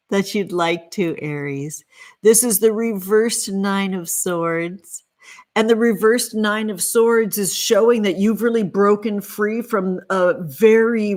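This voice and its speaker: Female tarot reader and livestream host, chatty and affectionate with her viewers. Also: medium pitch. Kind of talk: casual livestream tarot reading.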